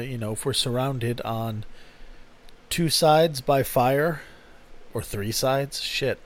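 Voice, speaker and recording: A male podcast host talks at an unhurried, slow pace, rambling casually between topics. He swears freely and fills pauses with "um"s, sounding offhand rather than scripted. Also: medium pitch. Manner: rambling and profane, with frequent "um"s. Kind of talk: casual spoken intro to a music podcast. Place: home in a smoky city.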